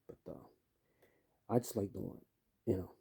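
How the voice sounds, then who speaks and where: A man's voice: deep voice, expressive, takes it slowly, gravelly, warm tone, husky. A man in his fifties giving a blunt, rambling casual rant, leaning on "you know" and "man". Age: 50s. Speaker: vlogger.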